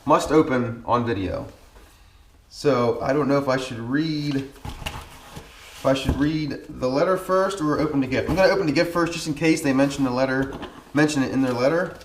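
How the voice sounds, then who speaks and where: A man's voice: mid-range voice, normal speed, echoey room, slight background noise. A man in his thirties from Pennsylvania, vlogging to camera about his car channel in a casual, earnest way with many ums. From Pennsylvania, USA. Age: 30s. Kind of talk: casual vlog talk to camera.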